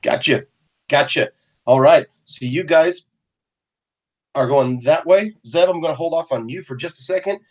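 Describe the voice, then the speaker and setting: A man narrating as game master in a relaxed, chatty way with many fillers. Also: a little high, normal speed, lo-fi sound.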